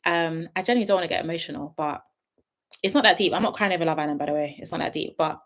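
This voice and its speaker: A woman's voice: on the low side, fast talker. A young woman streaming live late at night, praying earnestly and then thanking her viewers, close to tears and repeating herself. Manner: earnest and heartfelt, repeating phrases. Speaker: YouTube reality-show reviewer.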